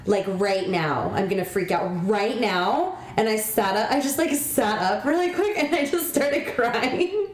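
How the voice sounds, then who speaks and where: A woman's voice: a little high, lively intonation, measured pace, hardly any pauses. A young pregnant woman telling stories in a casual chat with a friend, chatty and giggly, acting out quoted lines. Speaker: co-host. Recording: echoey room.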